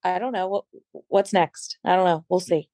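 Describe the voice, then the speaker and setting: A woman's voice: lowish voice, fairly even intonation, moderate pace, dark tone, no room sound. A woman in her late thirties or forties, a bodybuilder and fitness coach, chatting casually as a podcast guest and acting out quoted conversations as she tells stories. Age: late 30s or 40s. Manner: chatty storyteller, acts out quoted dialogue. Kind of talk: casual chat.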